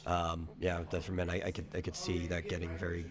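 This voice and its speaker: A man in casual chat, dry and reasoning, his sentences trailing off quietly. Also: deep voice, monotone, fairly quick. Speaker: podcast co-host.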